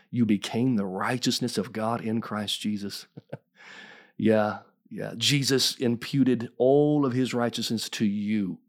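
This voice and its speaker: A man preaching a sermon as pastor, fervent and emphatic, often rising in pitch and throwing questions to the congregation. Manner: fervent preaching, rising to near-shouts, call-and-response questions.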